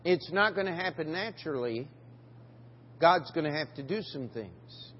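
In a church sanctuary, a pastor with a fairly high, slightly rough voice preaches at normal speed in an animated way. He asks the congregation questions and reads scripture in King James wording, captured in a dull recording with long reverb.

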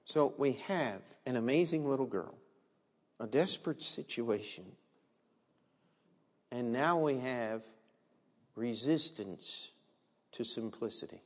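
A man's voice: mid-range voice, lively intonation, slow pace, pauses often. A man preaching a sermon as a pastor, telling the story vividly and asking the congregation rhetorical questions. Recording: long reverb in a large hall.

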